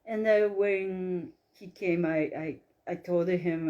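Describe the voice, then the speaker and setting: A woman with telling a story in casual chat, animated and acting out quoted dialogue. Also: on the low side, takes it slowly, few pauses, dull audio. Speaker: guest, psychic massage healer.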